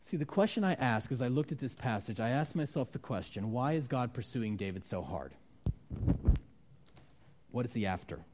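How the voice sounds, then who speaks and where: Man preaching a conversational sermon, mellow voice. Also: medium pitch, animated, moderate pace, long pauses, a little hiss or hum. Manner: conversational preaching, acts out quoted voices with sudden loud outbursts. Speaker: pastor.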